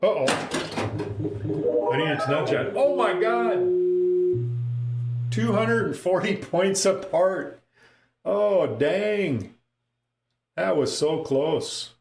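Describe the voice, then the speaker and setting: A middle-aged man with a northern Minnesota accent, chatting excitedly while commenting on his own play. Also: sits high, slow pace, pauses often. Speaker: streamer. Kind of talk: casual live-stream commentary. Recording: echoey room with loud noise.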